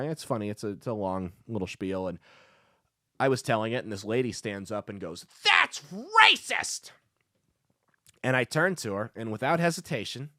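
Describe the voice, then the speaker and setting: A man's voice: lowish voice, no room sound, clean studio sound. A man hosting a podcast, delivering a brash, emphatic opinion monologue full of crude jokes. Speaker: podcast host and comedian.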